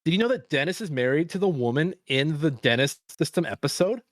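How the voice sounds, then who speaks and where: Animated male podcast co-host. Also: on the high side, brisk, no echo, studio quality. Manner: animated, laughing, slips into put-on voices. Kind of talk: casual chat.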